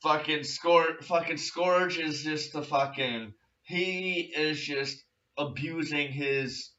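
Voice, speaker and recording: A man's voice: a little high, slow pace, sharp tone, far from the mic. A young man hosting a casual movie review chat, rambling and swearing as he retells scenes. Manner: rambling, profane, retells scenes with quoted voices. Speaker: podcast host. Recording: lo-fi, roomy, from off-mic.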